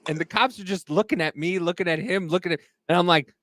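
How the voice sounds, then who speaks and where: A man co-hosting a casual chat, telling a story in an animated, swearing way and acting out angry quotes. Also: high-pitched, quick pace, few pauses, no room sound. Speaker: podcast co-host.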